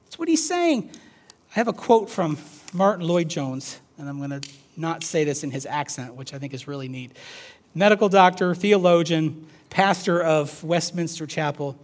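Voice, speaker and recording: A pastor, a man with a fairly high voice, preaches his sermon. He swings between loud, emphatic urging and quiet, hushed asides. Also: animated, normal speed.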